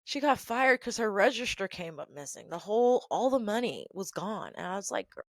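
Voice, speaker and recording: A woman spinning a casual vlog story about her job, animated and emphatic, hammering points home by repeating them. Her voice sits at an ordinary middle pitch and sounds dry and close to the mic. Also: normal speed, no room sound.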